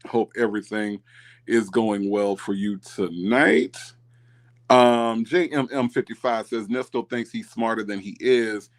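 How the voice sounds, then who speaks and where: A man's voice: on the low side, fairly even intonation, a little slow. A man hosting a casual livestream, reading chat comments aloud and repeating himself as he talks. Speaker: livestream host.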